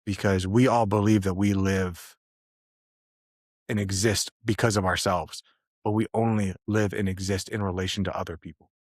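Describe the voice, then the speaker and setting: A man with a lowish voice talks on a podcast, earnest and measured, turning over big questions with care. The sound is close and dry, with no room around it. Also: steady tone, dry recording. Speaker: podcast co-host. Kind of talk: reflective podcast talk.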